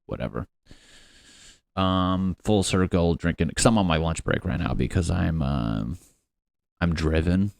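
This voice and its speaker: Young male podcast host, deep voice, loose swearing comic monologue at home. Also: lively intonation, a little slow, gravelly, long pauses, no room sound, clean studio sound. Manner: profane, rambling, jokey with put-on quote voices. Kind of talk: solo comedic podcast rant. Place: his apartment on a lunch break.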